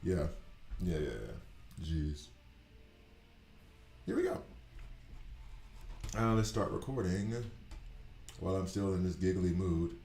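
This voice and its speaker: A man hosting a gaming channel, talking in a blunt, animated rant that swears casually and trails off mid-thought. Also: low-pitched, slow, creaky, pauses often. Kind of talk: casual ranting chat.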